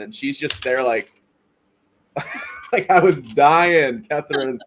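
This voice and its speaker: A man's voice: medium pitch, takes it slowly, long pauses, slight background noise. A man hosting a podcast, recapping a reality show episode in casual chat, acting out the cast's lines and swearing freely. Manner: animated storyteller, acts out quotes, swears freely. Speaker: podcast host.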